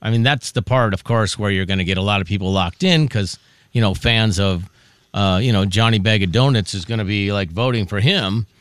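A man's voice: fairly low pitch, a little fast, fairly bright tone, clear, resonant tone, dry recording. A man co-hosting a casual morning radio show, chatting and joking through entertainment news. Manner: chatty, jokey storytelling. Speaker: radio co-host. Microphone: studio mic.

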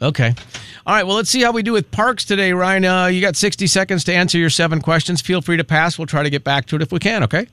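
A man's voice: high voice, fast talker, sharp tone, clean tone, no room sound. A man hosting a radio quiz segment, jokey and teasing with the other hosts and the contestant. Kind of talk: casual banter, running a quiz.

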